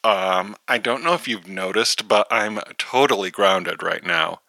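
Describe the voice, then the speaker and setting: A man's voice: lowish voice, animated, a little slow, vocal fry, sharp tone, no room sound, full character voice. A man voicing a bored teenage valley girl who drawls through slang and fillers.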